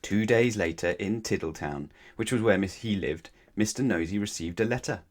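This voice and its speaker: Low-voiced man reading a bedtime story. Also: moderate pace. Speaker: storybook reader. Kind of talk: children's bedtime story read-aloud.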